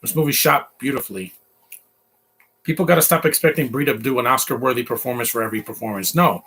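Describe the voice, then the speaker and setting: A man's voice: mid-range voice, fast talker, a bit bright, slightly rough. A man hosting a casual live movie commentary, opinionated, rambling and defensive.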